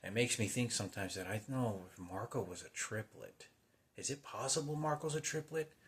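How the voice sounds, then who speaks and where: Man in his forties, low voice, halting and unsure, rambling personal vlog story. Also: fairly bright tone. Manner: halting, unsure, restarts and trails off. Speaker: vlogger.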